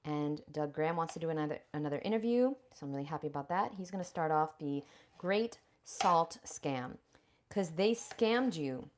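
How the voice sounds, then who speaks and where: A woman's voice: deep voice, expressive, normal speed, darkish tone, slight background noise. A woman vlogger chatting bluntly and profanely with viewers while preparing food in her home kitchen. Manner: chatty, addresses viewers directly. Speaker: raw vegan lifestyle vlogger. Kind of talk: casual livestream chat while cooking.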